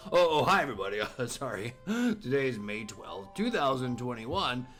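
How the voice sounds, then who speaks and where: A man co-hosting a casual kids' news chat with his child, halting and playful, with many fillers. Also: medium pitch, sing-song, a bit bright, faint music behind. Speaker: co-host and father.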